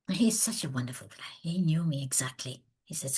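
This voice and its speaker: A woman's voice: fairly low pitch, a little fast, husky. Earnest woman giving a webinar talk. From from overseas, living in South Africa. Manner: earnest, emphatic, animated storytelling. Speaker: webinar presenter. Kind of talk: lecture.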